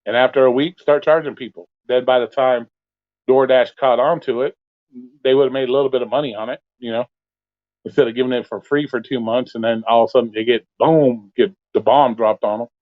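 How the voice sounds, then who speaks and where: A blunt man hosting an open call-in stream goes on a loose, profane rant, swearing constantly in casual chat. His medium-pitched voice is brisk with fairly even intonation, coming through a thin, phone-like line. The recording is dry and close, with no room sound.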